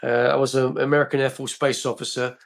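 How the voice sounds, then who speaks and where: A man's voice: mid-range voice, flat delivery, fast, vocal fry. An older man, a film actor guest on a podcast, telling rambling stories full of fillers and restarts. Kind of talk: casual interview storytelling.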